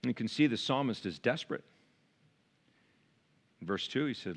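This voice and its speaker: A man preaching a sermon to his church, shifting from quiet, close asides to loud, raised passages. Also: medium pitch, lively intonation, moderate pace. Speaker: pastor. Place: church sanctuary.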